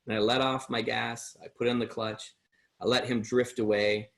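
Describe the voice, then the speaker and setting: A man's voice: medium pitch, flat delivery, moderate pace, gravelly. A middle-aged American man tells his personal recovery story at a workshop, earnest and rambling, with many restarts.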